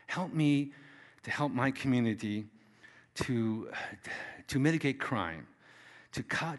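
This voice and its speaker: A man preaching as a guest speaker at church, emphatic, swinging between loud exhortation and quiet asides. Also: mid-range voice, long reverb tail. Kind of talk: sermon.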